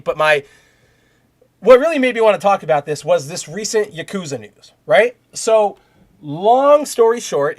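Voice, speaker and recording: A young man hosting a podcast, talking in rambling casual commentary with many restarts and heated bursts of profanity. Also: a little high. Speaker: podcast host.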